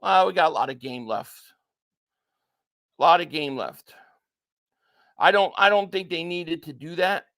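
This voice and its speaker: With a voice on the high side, this man reacts live on stream to a football game, calling plays and reading chat out loud at a slightly slow pace with long pauses. When he gets worked up he repeats himself, and his excitable delivery shifts from shouting at the refs' calls to flat frustration.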